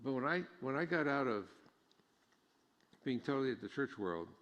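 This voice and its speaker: Joking, folksy preacher in a reverberant church. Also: male voice, medium pitch, expressive, moderate pace, a bit bright. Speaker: pastor. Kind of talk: sermon. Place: church sanctuary.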